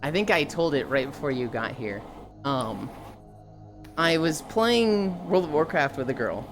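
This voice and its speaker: A woman streamer chatting casually on a live stream, telling stories and acting out quotes in loud mock voices. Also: low voice, expressive, measured pace. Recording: background music under the voice.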